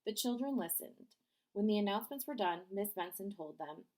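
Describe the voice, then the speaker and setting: A woman's voice: mid-range voice, animated, normal speed, darkish tone. A woman reading a children's chapter book aloud as a bedtime story. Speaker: storybook reader.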